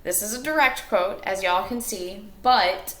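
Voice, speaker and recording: A woman's voice: medium pitch, measured pace, a bit bright. Woman teacher in an echoey room. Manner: explains step by step with fillers and self-corrections. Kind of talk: recorded classroom lesson.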